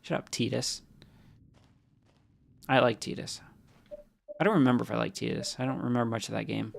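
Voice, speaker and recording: A gravelly-voiced man chats casually while streaming a game. He rambles, answers chat, and throws in jokey asides. His nose sounds stuffy from allergies. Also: mid-range voice, brisk.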